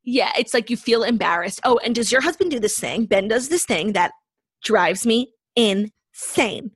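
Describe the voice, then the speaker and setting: A woman's voice: a little high, animated, normal speed, slightly rough, dry recording. A woman co-hosting a podcast in casual chat, constantly saying "like" as she talks. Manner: chatty, fills speech with "like". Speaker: podcast co-host.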